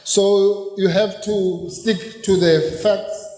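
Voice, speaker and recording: A South African man giving a political lecture at a rally, rousing and then deliberate as he explains, slipping into Zulu phrases. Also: sits high, little pitch movement, a little mellow. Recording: echoey hall with long reverb.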